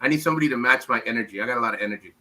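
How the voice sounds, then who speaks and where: A man from the United States answers interview questions in a loose, rambling way. His voice is very bright and forward, and he trips over repeated words. Now and then he mimics others in quick bits. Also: medium pitch, rough recording. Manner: rambling, repeats words, acts out quoted women. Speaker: interview guest. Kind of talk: casual interview.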